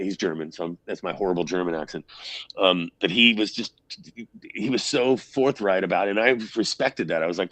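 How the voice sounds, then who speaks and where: Deep-voiced rambling frontman, dry sound. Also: brisk, fairly bright tone, no room sound. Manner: rambling storyteller, swears freely, acts out quotes. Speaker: band frontman, interview guest. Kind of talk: casual interview chat.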